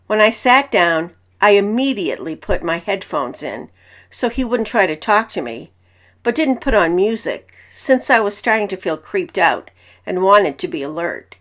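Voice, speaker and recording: A woman narrating reader-submitted stories in the first person, in an even, matter-of-fact way. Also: mid-range voice, normal speed.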